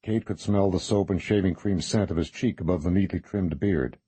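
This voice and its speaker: A man reading a horror novel as narrator in a measured, even way. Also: deep voice, husky, no echo. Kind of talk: scripted audiobook narration.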